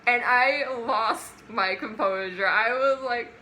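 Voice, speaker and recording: A young woman vlogger telling a work story in a casual, animated way, often breaking into giggles. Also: fairly high pitch, normal speed, few pauses, slight background noise.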